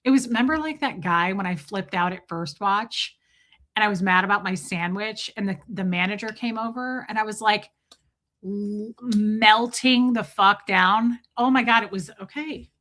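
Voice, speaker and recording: Bright-voiced animated woman streamer. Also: medium pitch, moderate pace. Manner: animated storytelling, reads out viewer names. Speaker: livestream host. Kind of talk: casual livestream chat.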